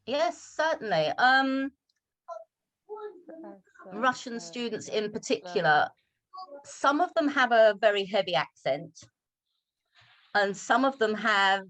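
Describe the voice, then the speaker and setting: A British woman English teacher from London, speaking with a polished RP accent in measured, slowed speech on a video call. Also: mid-range voice, a bit bright. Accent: British RP, London roots. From London, England. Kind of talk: online Q&A talk.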